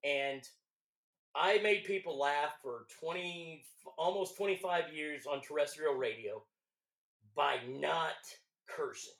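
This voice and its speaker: A man from Texas with a Texas accent, a longtime radio host chatting loudly on a podcast, swearing and stumbling over restarts. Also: on the high side, slow pace, reverberant. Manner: loud, profane, stammering restarts. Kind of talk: casual podcast chat.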